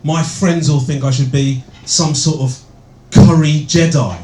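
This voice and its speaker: A man doing a stand-up comedy set, deadpan and sardonic, with plenty of swearing. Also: a little high, unhurried. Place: small comedy venue, indoors, with audience. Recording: echoey room, distant, loud noise. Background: audience laughter.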